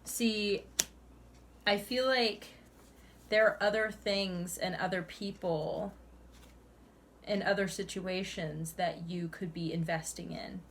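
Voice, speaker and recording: A woman's voice: medium pitch, noisy background. A young woman doing a tarot reading to camera, earnest and chatty, sighing now and then between cards. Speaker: tarot reader.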